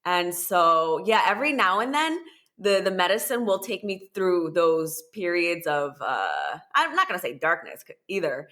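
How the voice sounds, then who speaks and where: Bright-voiced woman, podcast guest. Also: on the low side, moderate pace. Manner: candid, animated storytelling. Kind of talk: casual interview chat.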